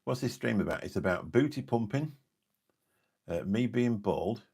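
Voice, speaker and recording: Gravelly deep-voiced English man rambling. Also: lively intonation, normal speed, a little mellow. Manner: rambling, forgetful, chatty, answers viewer comments. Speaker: live streamer and taxi driver. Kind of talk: late-night live stream chat with viewers.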